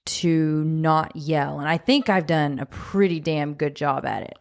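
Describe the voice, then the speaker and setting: Podcast co-host, woman in her thirties, lower voice, frank and candid. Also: unhurried, gravelly. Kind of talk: casual conversation.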